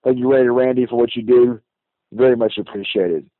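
A man's voice: medium pitch, steady tone, fairly quick, a little hiss or hum. A man calling in to a fan radio show, ranting furiously with constant profanity. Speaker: caller. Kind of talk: angry fan rant over the phone. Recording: tinny phone line, dry.

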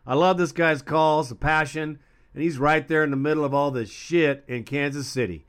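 A man hosts a fan call-in show in a smooth, resonant voice pitched a little high. He is friendly and casual, calling people "bro". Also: moderate pace, fairly bright tone. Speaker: host. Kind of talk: call-in radio show hosting.

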